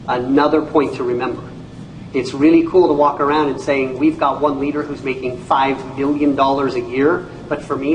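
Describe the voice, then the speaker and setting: A man, a company CEO, giving an animated training talk to an audience, telling stories and acting out people's reactions with folksy exclamations. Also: medium pitch, a little hiss or hum. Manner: storytelling, acts out voices, folksy exclamations. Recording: echoey room, speaker far from mic.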